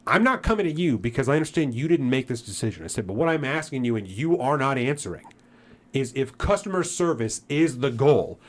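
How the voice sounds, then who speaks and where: A man's voice: medium pitch, brisk. Man retelling a customer service gripe. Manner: animated retelling that grows into irritated ranting; swears freely. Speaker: podcast co-host. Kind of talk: casual storytelling chat.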